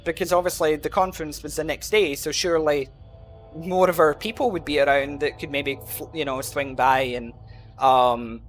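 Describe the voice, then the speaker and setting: Faint music plays behind a man whose voice runs on the high side, steady and at normal speed. He is a gaming channel host from Scotland with a softened Glasgow accent, rambling casually through a long story over gameplay with plenty of "um" and "you know."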